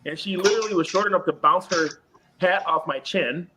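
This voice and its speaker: A young man hosting a casual veterans' chat, telling stories from basic training and shouting out the drill instructors' lines. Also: high voice, brisk, background noise. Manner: animated, acts out yelling drill instructors. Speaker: podcast host. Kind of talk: casual storytelling among veterans.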